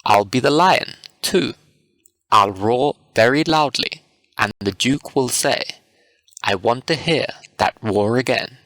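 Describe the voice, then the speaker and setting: A man's voice: medium pitch, slow, fairly bright tone, dry recording. A man reading the part of a boastful, eager weaver who wants every role in the play, in a pompous, show-off manner, in a storybook reading. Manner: pompous, showing off.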